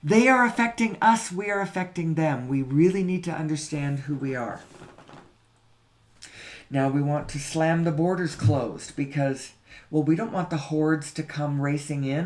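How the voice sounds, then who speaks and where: A man's voice: on the high side, moderate pace. A man giving a rambling spoken monologue on spiritual and social questions, often repeating himself, asking rhetorical questions and cursing casually. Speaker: spiritual talk host.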